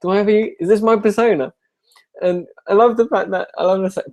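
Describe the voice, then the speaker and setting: A young man's high voice keeps a steady tone and a darkish color as he talks fairly quickly. He's hosting a live Q&A on YouTube, casually wandering through viewer questions with self-deprecating humor.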